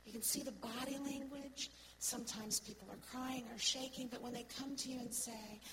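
A woman's voice: fairly high pitch, fairly even intonation, background noise. Earnest woman preaching to a congregation. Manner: earnest, asks the congregation "right?" often; swings between soft, slow words and loud stressed ones. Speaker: church speaker. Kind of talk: sermon-style teaching.

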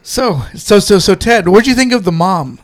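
A man co-hosting a podcast in casual chat, easygoing and quick to chuckle. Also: sits high, animated, no echo, clean studio sound. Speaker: podcast co-host.

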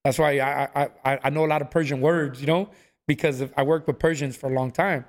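A man's voice: medium pitch, a little fast. A man telling stories in a casual chat, acting out what people said. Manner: animated storyteller, acts out quotes, says "bro" a lot.

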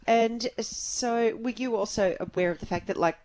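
A woman, a podcast co-host and parent, chatting and joking with quick interjections. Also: on the high side, a little mellow, slight background noise. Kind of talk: casual chat.

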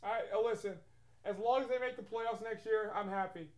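A man chatting casually away from the microphone, slow and sighing. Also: high voice, steady tone, darkish tone. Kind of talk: casual chat. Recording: roomy and distant.

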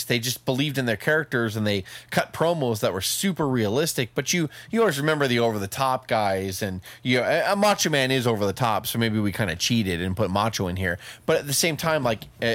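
A man's voice: mid-range voice, animated, a little fast, few pauses, a bit bright, no room sound. A man hosting a casual podcast, rambling with restarts and playful asides. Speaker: podcast host.

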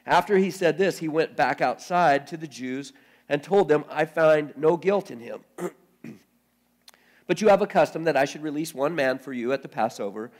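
A man pastor reading scripture aloud, then preaching in a halting way, often repeating words as he thinks aloud. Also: a little high.

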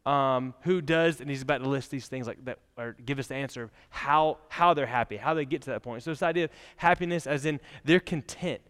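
A man's voice: mid-range voice, a little fast, hardly any pauses, a bit bright, smooth. A young man preaching a casual, conversational sermon in a church, chatty and laughing often, with many fillers. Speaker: pastor. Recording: long church hall reverb.

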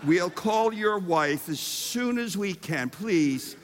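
A man playing a kindly friend who gently eases him off the stage, soothing in tone. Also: high-pitched, lively intonation, slow pace, a little hiss or hum. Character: kindly man easing a preacher offstage. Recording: reverberant hall.

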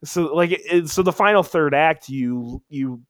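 A man's voice: on the high side, measured pace, fairly bright tone, no echo, clean studio sound. A man chatting casually as a podcast co-host, telling a story with lots of restarts and emphatic bursts. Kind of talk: casual chat.

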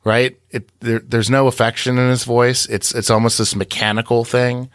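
A man's voice: mid-range voice, level tone, normal speed, dry recording, clean studio sound. A man co-hosting a podcast, recapping and analyzing scenes in a meandering, self-correcting way. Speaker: podcast co-host. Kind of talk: casual podcast discussion.

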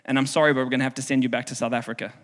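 A preacher voicing a stern, polite male border officer, lowering his voice into a flat official tone. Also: very fast, natural voice. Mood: apologetic. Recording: hall reverb with music behind.

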